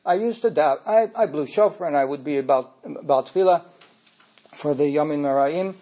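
A man's voice: on the high side, a little fast, mellow, highs cut off. An older man giving a speech, telling personal stories in an anecdotal way and getting emotional as he speaks.

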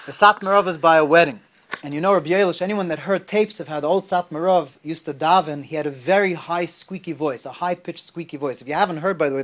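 Man telling stories in a Torah class. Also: high-pitched. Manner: animated storyteller, rising emphasis on key points. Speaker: Torah teacher.

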